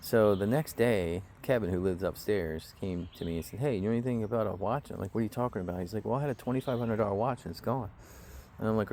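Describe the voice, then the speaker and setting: A man's voice: lowish voice, fast talker, darkish tone, slight background noise. A man telling a long, aggrieved story to the camera in a blunt way, swearing often, recorded outdoors. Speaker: vlogger. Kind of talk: casual storytelling rant. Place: outdoors in the woods.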